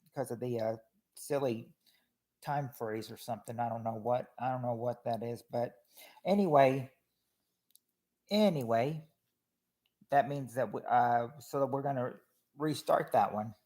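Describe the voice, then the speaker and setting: A man's voice: medium pitch, a little slow, pauses often, a little mellow. A man casually hosting a family game show on a livestream, reading out viewers' answers and names, with a lot of hesitant restarts. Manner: chatty, reads chat names, hesitant restarts.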